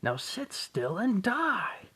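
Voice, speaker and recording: A man's voice: mid-range voice, very animated, slow. Man putting on a sneering cruel young woman. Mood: vicious taunting. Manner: sneering, taunting, profane.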